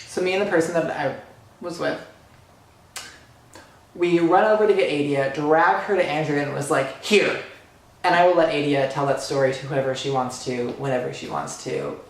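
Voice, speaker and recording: A young man vlogger excitedly retelling a fan encounter story, gushing and breathless, full of fillers. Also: on the high side, normal speed. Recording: very echoey room.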